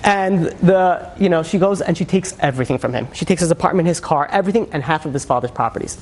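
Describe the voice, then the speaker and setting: A man, a rabbi, telling a dramatic story in a sermon, with lively, conversational storytelling that swings into character voices. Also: quick pace. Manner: animated storyteller, acts out characters with shifts in pitch; conversational, many fillers.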